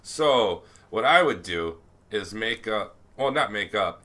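A man's voice: fairly low pitch, animated, slow pace, bright, forceful tone. A man co-hosting a casual podcast, telling rambling stories full of swearing. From United States. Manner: profane, rambling storyteller. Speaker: podcast co-host. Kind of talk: casual chat.

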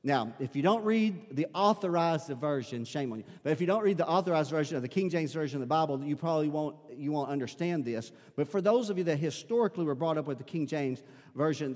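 A pastor preaching earnestly in a church sanctuary repeats words often to drive his point home. He speaks fast in an expressive voice on the high side with a slightly mellow tone. The recording carries long hall reverb.

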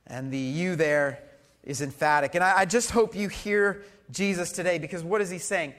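A man preaching a sermon to a church congregation, animated and conversational, swinging from loud emphasis to soft asides. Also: fairly high pitch, normal speed. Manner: conversational, with fillers and audience questions. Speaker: pastor. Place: church service.

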